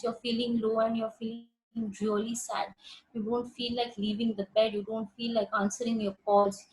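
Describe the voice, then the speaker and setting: A woman's voice: fairly high pitch, low-quality recording. A woman psychologist with an Indian English accent giving a webinar lecture on a video call, earnest and emphatic, often repeating words as she rephrases.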